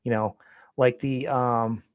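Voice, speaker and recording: A man hosting a podcast in a casual, enthusiastic and rambling way, quick to laugh. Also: mid-range voice, steady tone, clear, resonant tone, no echo. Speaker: podcast host. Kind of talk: casual chat.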